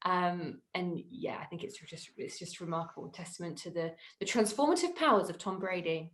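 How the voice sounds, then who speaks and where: This podcast co-host, a woman with a voice on the low side, talks football at a moderate pace in a relaxed, chatty sports conversation. She laughs easily, with lots of fillers and restarts, and the recording quality is low.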